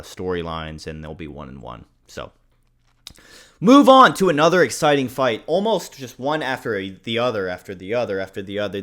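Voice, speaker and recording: This fight predictions host has a lowish voice with a fairly bright tone. His casual commentary rambles, and he is blunt, swears, and jokes about his own slip-ups.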